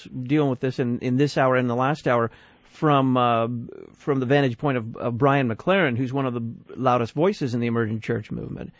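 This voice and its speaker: A male radio talk show host who speaks in halting, repeated phrases as he reads listener questions. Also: medium pitch, dry recording, dull audio. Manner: hesitant, repeats words while building sentences. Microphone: studio microphone.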